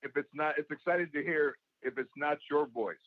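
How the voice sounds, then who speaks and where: A man being interviewed as a guest, with a worn, raspy voice, telling animated stories and acting out what people said. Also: on the high side, brisk, no echo. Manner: animated storyteller who acts out quotes. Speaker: guest, actor and comedian. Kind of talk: casual interview chat. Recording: dull lo-fi dry sound.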